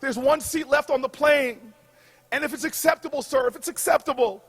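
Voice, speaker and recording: A weary airline agent woman, voiced by a man telling a story, turns down a request in a polite, formal way. She sounds apologetic but firm, and the voice sits very high and strained. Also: normal speed, a bit bright. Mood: pleading.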